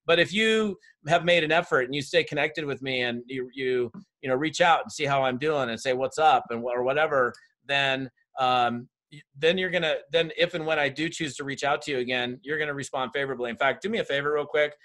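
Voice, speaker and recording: A man coaching a group of network marketers on a video call, direct and energetic, talking straight to his audience. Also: medium pitch, fairly quick.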